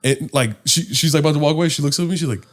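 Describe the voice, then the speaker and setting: A young man with a fairly high voice talks at a racing clip, co-hosting a podcast from home. He tells a casual, animated story full of swearing and acts out the voices of the people he quotes.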